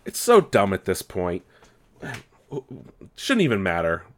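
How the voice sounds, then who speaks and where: A man hosts his first solo podcast episode in a loose, rambling monologue. He stammers through restarts, tags lines with "okay?" and swears bluntly, and his voice sits somewhat low. He is from California. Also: wildly swooping pitch, a little slow. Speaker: podcast host.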